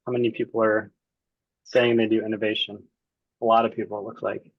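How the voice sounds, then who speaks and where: A man acting as the client, casually walking through a software demo and thinking aloud as he clicks around. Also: lowish voice, little pitch movement, a little fast, dry recording, muffled recording.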